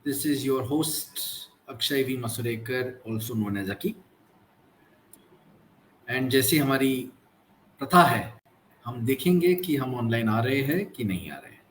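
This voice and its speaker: A man with an Indian English accent hosting a casual live-stream talk, chatting loosely and slipping in quick Hindi asides. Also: medium pitch, lively intonation, a bit bright. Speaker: host of a live productivity talk. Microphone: live stream from computer. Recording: roomy echo, faint background noise.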